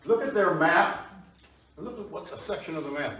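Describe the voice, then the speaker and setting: A man's voice: fairly high pitch, very animated, moderate pace, long pauses, a bit bright, far from the mic, slight background noise. Man lecturing in an echoey hall. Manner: conversational, asks the audience questions. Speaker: history lecturer. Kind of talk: public history talk. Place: meeting hall with audience. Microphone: far tripod camera.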